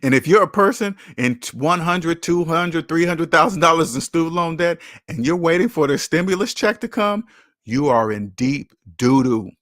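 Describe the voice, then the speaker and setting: A man hosts a personal finance livestream and talks straight to his chat. His voice sits a little high. He lectures bluntly and repeats phrases to drive his points home, and the sound is dry and close with no room echo. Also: moderate pace, fairly bright tone. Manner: blunt, preachy, repeats key phrases for emphasis. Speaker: personal finance channel host. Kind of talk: livestream talk answering chat.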